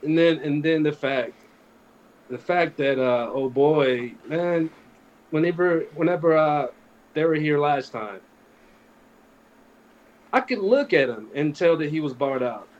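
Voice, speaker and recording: High-voiced man rambling through a story. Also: lively intonation, unhurried, long pauses, muffled recording. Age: 40s. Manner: rambling, profane anecdotes acting out other people's lines. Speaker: podcast co-host. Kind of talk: casual storytelling.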